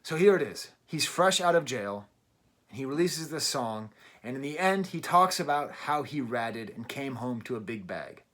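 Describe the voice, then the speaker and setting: A man's voice: medium pitch, lively intonation, moderate pace, a bit bright. A middle-aged man giving a casual, emphatic and wry album review from his daughter's bedroom at home. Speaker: music reviewer.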